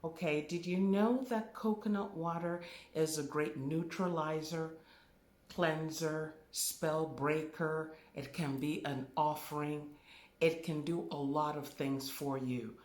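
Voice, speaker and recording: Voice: medium pitch, steady tone, takes it slowly. A spiritual teacher giving a spoken class, stressing and repeating key words. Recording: roomy echo.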